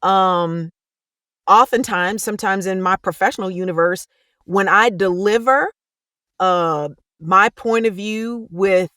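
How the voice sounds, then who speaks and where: A woman's voice: medium pitch, slow, bright, forceful tone, dry recording, clean studio sound. A woman audiobook narrator speaking as a podcast guest, earnest and passionate, with careful diction. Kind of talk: candid podcast conversation.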